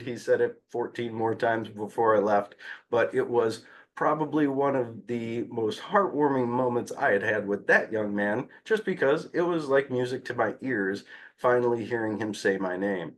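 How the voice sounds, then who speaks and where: A man giving a conference talk as a behavior analyst, telling fieldwork stories in an animated way with frequent "uh" fillers. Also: medium pitch, moderate pace, slight background noise.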